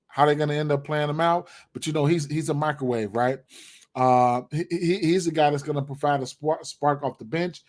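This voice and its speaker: A man's voice: on the high side, darkish tone. Rambling man talking betting picks. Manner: rambling, many fillers and repeats. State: hiccups, clearing throat. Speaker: sports betting host. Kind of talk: casual betting picks talk.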